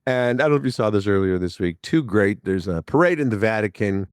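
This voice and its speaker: A man's voice: fairly low pitch, expressive, a little fast, smooth, no room sound, studio quality. A man in his sixties from the Chicago area, hosting a podcast in a casual, rambling monologue and chuckling often. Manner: chatty, digressive, chuckling often. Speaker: podcast host.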